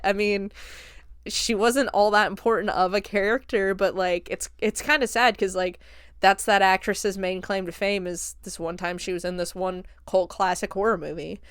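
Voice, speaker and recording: Young woman podcaster, animated, profane retelling, smooth clear voice, dry close sound. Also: medium pitch, normal speed, no room sound. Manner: profane, animated storyteller who jumps into quoted voices. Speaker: podcast host. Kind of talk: casual film review retelling.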